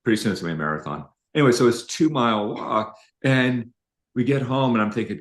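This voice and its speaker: A middle-aged man co-hosting a live relationship talk, telling a story in an animated, self-deprecating way. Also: mid-range voice, fast talker. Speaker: relationship coach co-host. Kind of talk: live-streamed conversational talk. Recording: roomy echo.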